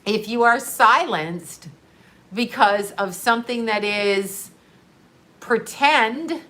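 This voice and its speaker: A woman talking casually on a live stream, animated and sarcastic, often breaking into laughter. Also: a little high, slow.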